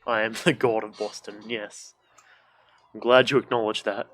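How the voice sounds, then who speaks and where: A man's voice: on the low side, level tone, moderate pace, fairly bright tone. A young man streaming a video game from a room at home, casual let's-play commentary, joking, swearing and making silly sound effects.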